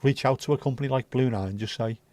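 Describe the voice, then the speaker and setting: Scouse fella rambling on his livestream, mellow voice, swears a bit, dry mic. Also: mid-range voice, fast talker, dry recording. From Liverpool, England. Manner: chatty, rambling, swears freely. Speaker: livestream host. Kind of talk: casual livestream chat.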